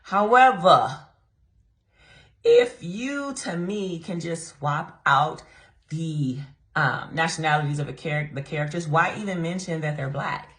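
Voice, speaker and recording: This is a young woman chatting through a book review in a slightly low voice. She talks casually and animatedly, laughs often, and slips into mocking voices for the characters. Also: animated, measured pace, fairly bright tone.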